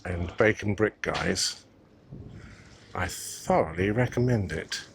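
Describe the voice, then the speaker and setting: A fairly low-voiced man strolling city streets while filming, chatting away to his viewers and thinking out loud. He talks into a mic clipped under his coat, and faint street noise sits behind him. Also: slow pace, gravelly. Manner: chatty, musing aloud, addresses viewers as guys. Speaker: vlogger. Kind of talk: casual walking-tour commentary. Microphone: clip mic under his coat.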